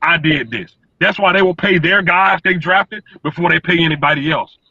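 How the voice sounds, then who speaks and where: A man weighs in on a fan panel from inside his truck, blunt and cursing freely as he stumbles over repeated words. His voice is high, bright and husky. It comes through a dry, dull, lo-fi call line. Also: steady tone, brisk, no room sound. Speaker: sports podcast panelist. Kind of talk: casual sports talk.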